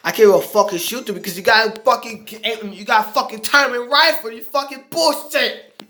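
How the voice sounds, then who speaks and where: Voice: medium pitch, normal speed, bright, forceful tone, echoey room. A game reviewer ranting in exasperated, profane commentary while playing, with sudden outbursts.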